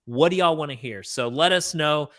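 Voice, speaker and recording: A man's voice: a little high, normal speed, a bit bright, dry recording, studio quality. A man co-hosting a live real estate talk show, earnestly thanking listeners and encouraging them to send feedback. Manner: earnest, encouraging, addresses listeners as folks and guys. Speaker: real estate podcast co-host. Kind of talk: casual business chat, show wrap-up.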